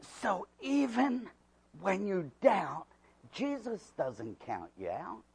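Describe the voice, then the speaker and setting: A man preaching a sermon as pastor. He swings from hushed asides to loud, emphatic preaching and repeats key words for emphasis. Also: high-pitched, sing-song, takes it slowly, creaky.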